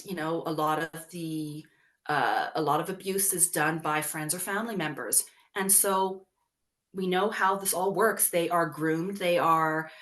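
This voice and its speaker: A woman co-hosting a podcast, talking casually about parenting and often acting out what children and parents say. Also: lowish voice. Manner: animated, acts out quotes of kids and parents. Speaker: podcast co-host; works with young schoolchildren.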